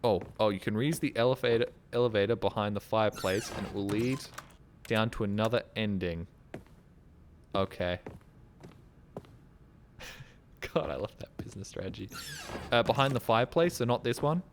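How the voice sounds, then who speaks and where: A man's voice: lowish voice, brisk, a little hiss or hum. A man streaming a game live, rambling and swearing in casual commentary, often laughing.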